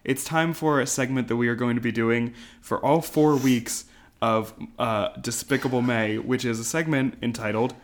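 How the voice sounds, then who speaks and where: A man's voice: mid-range voice, steady tone, moderate pace. A man hosting a podcast, casual and jokey, sharing trivia. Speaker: podcast host. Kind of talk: casual chat.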